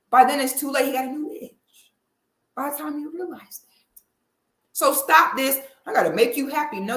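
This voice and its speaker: A woman's voice: high voice, pushed and bright. Blunt, sassy woman in an echoey room. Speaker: commentary vlogger. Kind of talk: opinionated commentary.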